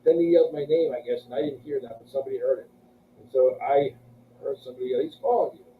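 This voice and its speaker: Fast-talking, animated, swearing man. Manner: animated, profane, acts out quotes in a higher voice. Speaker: interview guest. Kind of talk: casual storytelling. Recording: tinny distant lo-fi recording with faint noise.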